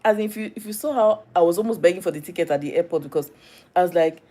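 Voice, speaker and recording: A young Nigerian woman with a low voice, talking straight to her audience in a casual diary vlog. She is chatty and animated, laughing often and dropping in Nigerian phrases. Her voice sits a little deep for a woman. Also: rapid-fire. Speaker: vlogger.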